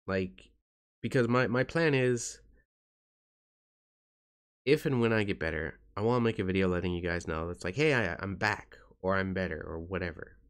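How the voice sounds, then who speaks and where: A man vlogging to his viewers in a soft, halting way, tired and in pain. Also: low voice, clear, resonant tone. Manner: soft-spoken, halting, with frequent restarts. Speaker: YouTuber. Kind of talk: casual talk to camera.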